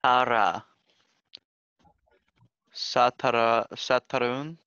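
A man working slowly and hesitantly through a reading exercise in an online class. His voice is smooth and close. The sound is dry and a little muffled. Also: mid-range voice, fairly even intonation, pushed and bright, no room sound. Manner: hesitant, unsure. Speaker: student. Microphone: video call. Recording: muffled video call audio.

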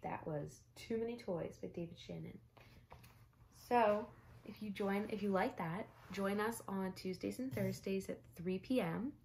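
A woman teacher reading a picture book aloud to children, expressive and stopping to ask her listeners questions. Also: mid-range voice, measured pace, gravelly, slight background noise. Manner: expressive, asks listeners questions, gasps for effect.

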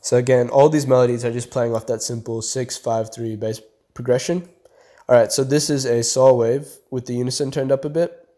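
A mellow, laid-back young man explains beats in a casual tutorial voice-over, his mid-range voice steady and brisk. As a beat producer teaching, he goes step by step, dropping fillers like "kinda" and "like." A beat plays faintly beneath him.

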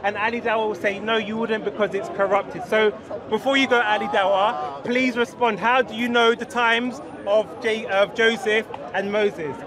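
A man arguing his point in an outdoor debate, measured and persistent. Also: sits high, flat delivery. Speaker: Christian street debater. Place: busy outdoor park with a crowd. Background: crowd talking.

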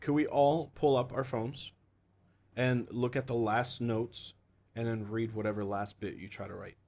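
A man's voice: medium pitch, a little slow, vocal fry. A man telling a rambling story as a podcast guest, swearing a lot and laughing mid-sentence. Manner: does animated voices when quoting people. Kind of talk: casual chat.

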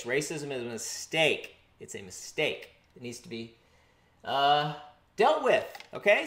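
A man's voice: on the high side, sing-song, slow pace, reverberant. A man giving a rambling, tongue-in-cheek art lesson monologue, meandering and repeating words. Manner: meandering, repeats words, sudden swoops up into a loud sing-song. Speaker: self-styled art teacher.

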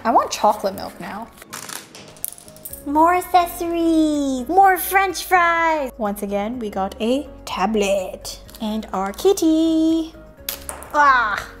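A woman's voice: sits high, animated, slow, faint music behind. Playful, sing-song woman unboxing toys. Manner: playful, sing-song, switches to whispers and silly voices. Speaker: toy unboxing host. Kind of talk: playful toy unboxing narration.

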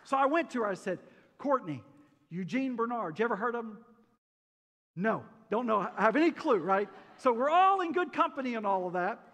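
A man's voice: sits high, a bit bright. A man preaching a sermon in a folksy, joking way and asking the congregation questions. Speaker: pastor. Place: church sanctuary. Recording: church hall reverb.

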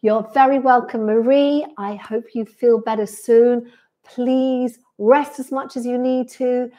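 Slow and warm, a woman's fairly high, fairly even voice comes from a sunny indoor room where she's live streaming as a pilates instructor. She goes through viewer comments one at a time, reading each out and replying in a friendly way.

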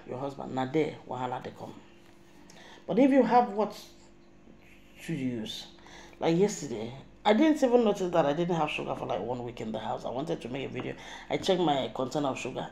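A woman's voice: low voice, warm tone, slight background noise. A middle-aged woman with a Nigerian accent, giving an emphatic, rambling spiritual monologue to camera as a vlogger. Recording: echoey room.

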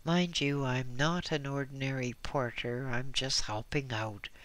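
Reader voicing a surly male porter, gruff, dismissive, slow, audiobook. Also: medium pitch, steady tone, a bit bright, close to an everyday voice.

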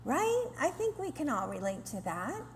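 A woman's voice: high-pitched, normal speed, slight background noise. A woman giving a sermon to a women's gathering, earnest and teaching, sometimes acting out complaining voices. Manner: earnest, acts out quoted complaints in lively voices. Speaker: women's ministry speaker. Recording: roomy hall with faint ambience.

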